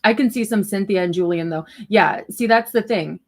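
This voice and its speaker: A woman with a mid-range voice hosts a relaxed livestream, reacting to comments as they come in. She talks in a loose, rambling way, full of fillers and quick asides. Her delivery is animated, with occasional swearing. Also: mid-range voice. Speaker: livestream host. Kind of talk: casual livestream chat reacting to viewer comments.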